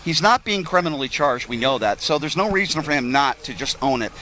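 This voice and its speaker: A man's voice: a little high, expressive, brisk, sharp tone, a little hiss or hum. A man hosting a live talk show from an outdoor pool, chatty and joking as he rambles on. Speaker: radio show host. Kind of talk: casual live broadcast chat. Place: outdoor pool at a Las Vegas club.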